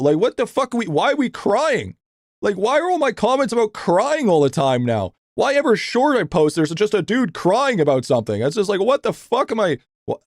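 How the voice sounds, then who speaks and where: Profane, rambling young male streamer, dry. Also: no echo. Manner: profane, rambling, repeats himself with stammered restarts; animated, voice jumps higher when venting. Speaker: game streamer. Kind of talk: casual live-stream rant, reading chat.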